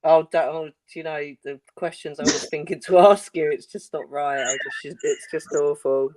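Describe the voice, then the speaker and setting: A woman's voice: low voice, steady tone, moderate pace, a little mellow. A woman co-hosting a casual chat, reacting with amused laughter and questions. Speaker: co-host.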